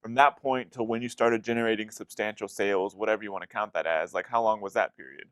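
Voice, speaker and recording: A man conducting an interview, asking questions briskly and backing up the guests with short replies. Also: on the low side, steady tone, fairly bright tone, clear, resonant tone, no room sound. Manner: brisk, many backchannels.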